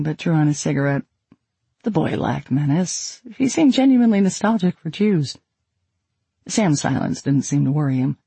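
Raspy, gravelly male narrator. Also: on the high side, very animated, moderate pace, warm tone, dry recording. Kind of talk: audiobook narration.

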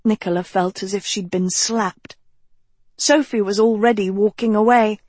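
A woman reading a novel aloud as its narrator, in a measured storytelling manner. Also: medium pitch, a little mellow, no echo. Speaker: audiobook narrator. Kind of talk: scripted narration.

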